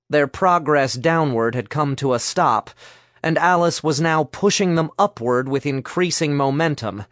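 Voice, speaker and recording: Male audiobook narrator, unhurried, measured, dry close sound. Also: a little high, dry recording. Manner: measured, steady storytelling. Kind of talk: scripted narration.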